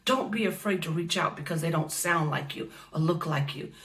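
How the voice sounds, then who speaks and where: A woman's voice: low-pitched, a little fast, fairly bright tone, distant mic. A woman from the United States giving an impassioned faith talk at an awards event, preacherly and repetitive, calling listeners honey and baby.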